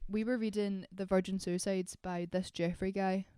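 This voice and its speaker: Bubbly young Scottish woman, smooth voice. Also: mid-range voice, flat delivery, moderate pace, dark tone, no echo, studio quality. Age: young adult. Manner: bubbly, gushing, laughs easily. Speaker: podcast co-host. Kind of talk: casual chat.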